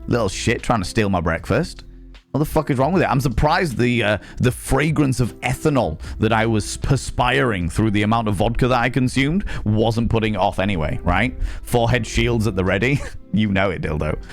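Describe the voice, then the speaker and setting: A man's voice: fairly low pitch, lively intonation, moderate pace, faint music behind. A young man streaming live, chatting casually with a jokey, profane, rambling manner as he reads chat aloud.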